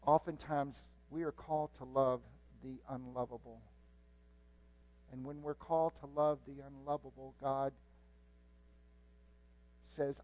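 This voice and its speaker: A man preaching a sermon, earnest, stressing key words slowly and letting phrases trail off quietly. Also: mid-range voice, flat delivery, low-quality recording.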